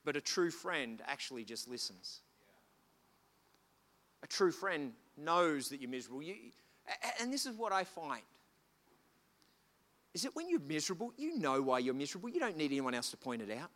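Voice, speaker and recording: A man preaching a sermon, telling a story with lively, animated delivery and shouting at the peaks. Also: on the high side, normal speed, pauses often. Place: church hall. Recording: long hall reverb, faint music behind.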